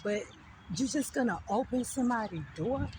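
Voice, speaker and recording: Woman vlogger, high voice, animated and profane storytelling, noisy recording. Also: moderate pace. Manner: animated, profane, frequent asides to viewers. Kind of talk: storytime vlog.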